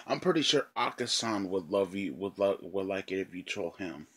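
A man ranting on his own video channel in an angry, profane, repetitive way, often clearing his throat. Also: sits low, animated, moderate pace, a bit bright. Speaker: channel owner. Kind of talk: angry vlog rant.

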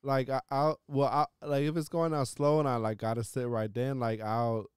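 A man co-hosting a podcast in casual, joking conversation, with quick comic back-and-forth. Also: mid-range voice, flat delivery, clean tone, no room sound, clean studio sound. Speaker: podcast co-host. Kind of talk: casual chat.

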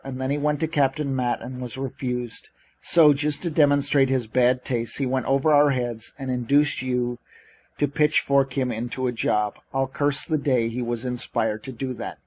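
A man's voice: medium pitch, fairly even intonation, moderate pace, darkish tone, no echo, natural voice. A man voicing a sour, defiant office manager in an audiobook, complaining about his boss's choices. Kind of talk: audiobook character reading.

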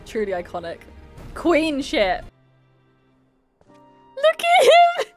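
A woman's voice: sits high, wildly swooping pitch, extremely slow, pauses often, a little mellow, faint music behind. A young woman streaming a game, reacting emotionally, gushing, laughing and swearing at the screen. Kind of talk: live gameplay reaction.

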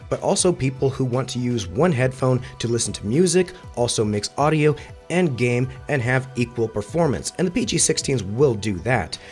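A man of ordinary pitch talks through a gaming headset boom mic, his voice still worn from a recent cold. He sounds frank and sure of his opinions as he reviews gear, with faint music underneath. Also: a little mellow. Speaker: tech reviewer, channel host.

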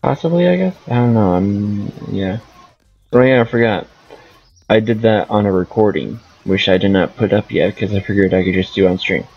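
A man's voice: lowish voice, moderate pace, slightly rough, muffled recording. A man giving casual gameplay commentary as a streamer, rambling and thinking aloud. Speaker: gaming streamer.

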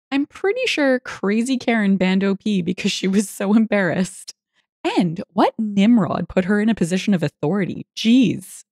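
A woman narrating online stories and reader comments for a story channel, with an expressive, amused delivery. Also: medium pitch, no room sound, clean studio sound.

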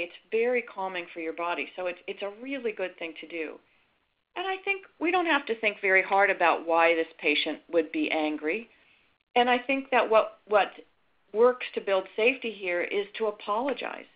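A middle-aged woman giving a calm, explanatory webinar lecture, sometimes acting out sample dialogue. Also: mid-range voice, lo-fi sound. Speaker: risk management speaker.

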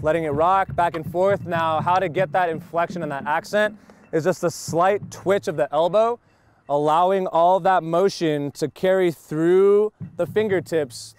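A man's voice: fairly high pitch, noisy background. A man teaching snare drum technique to a group and often checking that they understand. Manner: explains step by step, keeps checking understanding. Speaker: drum instructor. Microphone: wireless lavalier mic.

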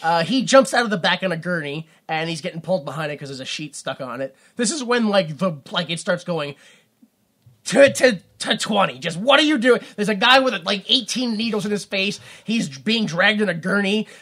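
A man's voice: sits high, expressive, moderate pace, fairly bright tone. A man co-hosting a podcast, recapping a movie in a rambling, jokey way and breaking into silly voices. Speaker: podcast co-host.

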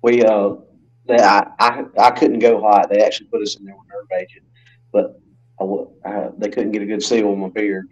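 A man's voice: lowish voice, level tone, moderate pace, a little mellow, slightly rough, dull audio. A middle-aged man chatting casually, rambling a bit with fillers, heard over a call. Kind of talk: casual chat.

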